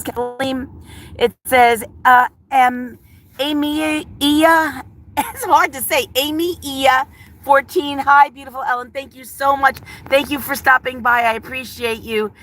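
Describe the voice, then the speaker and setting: A middle-aged woman, a schoolteacher, chatting casually on a live stream from her car, reading viewer comments aloud with frequent laughs and fillers. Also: high-pitched. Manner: chatty and warm, laughs often, many fillers. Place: inside a car.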